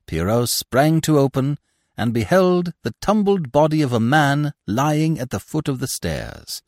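A man narrating a classic novel for a podcast in a theatrical, expressive manner, close to the mic. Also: a little high, measured pace, no echo.

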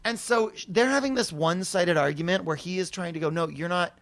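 A man telling an anecdote in casual conversation, lively and acting out the people he quotes in raised voices. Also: high-pitched, quick pace, no echo.

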